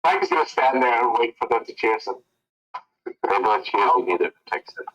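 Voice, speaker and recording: A man narrating as game master of a tabletop game, telling the scene in a casual, relaxed way. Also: lowish voice, normal speed, long pauses, muffled recording.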